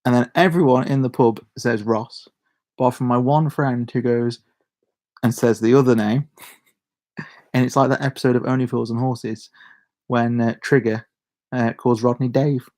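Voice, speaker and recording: Speaking to camera at normal speed, a young Shropshire-accented YouTuber from Shropshire, England rambles to his viewers, interrupting himself and chuckling often. His medium-pitched voice is steady and a little mellow, with frequent pauses.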